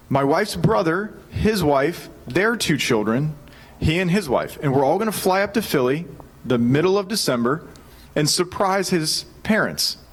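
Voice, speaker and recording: A man in his thirties preaching with lively, storytelling energy. His voice sits a little higher than most men's, and he jokes with the congregation as he goes. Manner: energetic storytelling, animated and joking. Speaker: pastor. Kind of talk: sermon.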